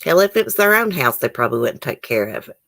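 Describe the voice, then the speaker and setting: A woman talks casually to her live-stream audience, reading comments aloud as she goes. Her voice sits low for a woman. She keeps an easygoing, chatty manner. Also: sing-song, quick pace, gravelly, fairly bright tone. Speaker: YouTube host.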